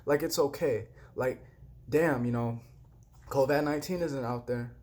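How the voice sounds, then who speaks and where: A man's voice: medium pitch, measured pace, darkish tone. Young guy venting on his vlog, heated, keeps repeating himself, cusses a lot. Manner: heated, repetitive, swearing freely. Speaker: vlogger. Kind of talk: frustrated personal rant.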